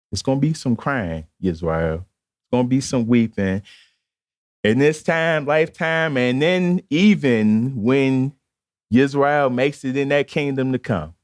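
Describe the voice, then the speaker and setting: A man's voice: mid-range voice, measured pace, no room sound, clean studio sound. A man preaching a sermon in an emphatic, conversational way, repeatedly calling out to the congregation, with a Baltimore accent.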